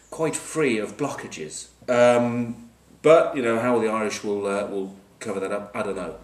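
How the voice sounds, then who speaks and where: Man, rugby pundit, low-ish voice, wry asides, distant camcorder in a roomy space. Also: a little slow. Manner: wry, joking asides, many fillers. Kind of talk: casual match preview. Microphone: camcorder mic at a distance.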